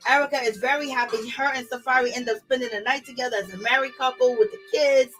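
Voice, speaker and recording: A woman's voice: high-pitched, fairly even intonation, quick pace, fairly bright tone, faint music behind, low-quality recording. A young woman recapping reality TV in a casual, sassy gossip style, laughing often and mimicking people's lines. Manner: chatty, sassy, laughs often, quotes people in mock voices.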